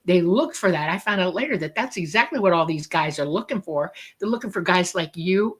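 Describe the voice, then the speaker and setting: Lively storytelling woman on a call. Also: lowish voice, brisk, slightly rough. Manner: lively storyteller who acts out quoted dialogue. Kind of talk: casual interview talk.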